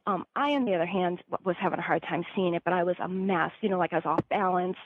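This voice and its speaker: A woman's voice: fairly low pitch, steady tone, fast talker, no room sound. A woman telling her own story in a chatty way, full of fillers like "like" and "you know", on a dry, slightly dull recording. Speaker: guest.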